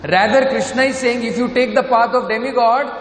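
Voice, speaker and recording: A man's voice: very high-pitched, brisk. A man with an Indian accent giving a scripture lecture, emphatic, posing rhetorical questions and repeating his points. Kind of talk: sermon. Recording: echoey hall with faint noise.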